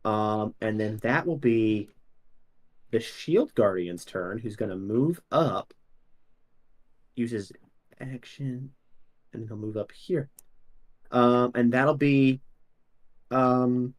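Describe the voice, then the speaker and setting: A man's voice: mid-range voice, animated, slow pace, long pauses. Filler-heavy young man running a game. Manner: casual, filler-heavy, laughs often. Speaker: game master. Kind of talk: narrating a tabletop game.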